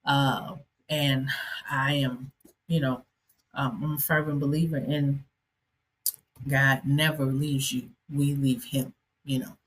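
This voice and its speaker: Low, husky-voiced woman telling her story. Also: flat delivery, takes it slowly, long pauses. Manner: conversational, with frequent fillers and asides. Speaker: podcast host and ordained minister. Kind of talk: personal storytelling monologue.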